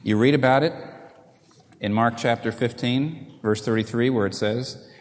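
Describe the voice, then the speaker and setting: A man preaching a sermon, swinging from loud, urgent appeals down to hushed, quiet lines. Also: mid-range voice, moderate pace, in a large hall.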